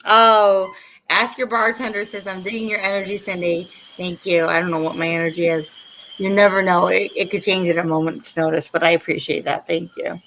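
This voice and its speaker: A bubbly, excitable woman in her thirties, chatting casually as a livestream host from home and swearing freely. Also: lowish voice, a little fast, slight background noise, low-quality recording. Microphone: home setup.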